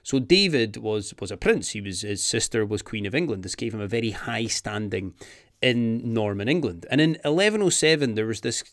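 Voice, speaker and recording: A man's voice: lowish voice, lively intonation, moderate pace, a bit bright, dry recording, studio quality. A man with a Scottish accent giving a comic history talk, chatty and digressive, with joking asides. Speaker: history presenter.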